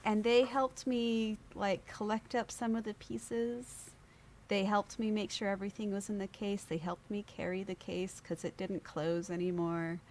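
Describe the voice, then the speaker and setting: A woman guest on a podcast, telling a personal story in lively conversation and acting out the voices of people she quotes. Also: medium pitch, a little slow, slight background noise.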